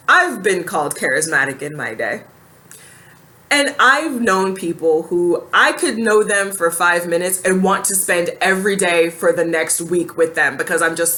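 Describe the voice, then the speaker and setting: A woman talking through a reaction video in a casual, blunt, sassy way. Her voice is crisp and bright, sitting at an ordinary middle pitch. She keeps firing off pointed rhetorical questions. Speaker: YouTube reaction commentator.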